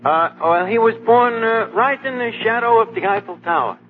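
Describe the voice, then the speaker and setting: A man's voice: extremely high pitch, normal speed, phone-quality sound. A man playing a brash, wisecracking, pompous tavern manager in 1940s radio comedy, on a scratchy old broadcast. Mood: scheming. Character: fast-talking scheming male tavern manager. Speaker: comic lead in a radio comedy.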